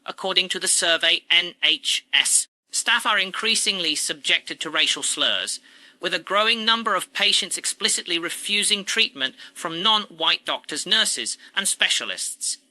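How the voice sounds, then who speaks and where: Very bright, high-voiced man ranting. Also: animated, normal speed, dry recording, low-quality recording. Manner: sarcastic, indignant ranting. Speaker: commentary channel host. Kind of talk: scripted satirical commentary.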